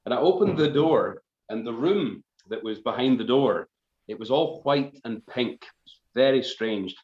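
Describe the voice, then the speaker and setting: A man's voice: medium pitch, animated, moderate pace. Guy rambling thru a story on a live stream, laughs at himself, kinda echoey dull room sound. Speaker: folk band member on live stream. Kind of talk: casual storytelling. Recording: roomy, slightly dull live-stream audio.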